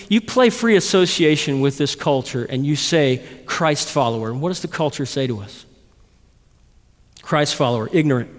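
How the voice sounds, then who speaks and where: A man preaching a sermon as a pastor, emphatic, with dramatic slow phrases. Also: high-pitched, long reverb tail.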